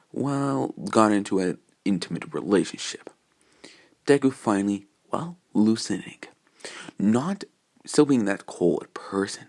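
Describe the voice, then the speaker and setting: A man narrates a fan story in a casual, rambling way, full of fillers and restarts. His voice is low and gravelly. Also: a little mellow.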